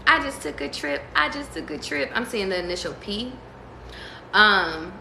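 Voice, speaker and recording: Bright, slangy woman tarot reader. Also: on the high side, normal speed, gravelly, reverberant, a little hiss or hum, low-quality recording. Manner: slangy and profane, bursts into excited squeals. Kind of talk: casual tarot reading.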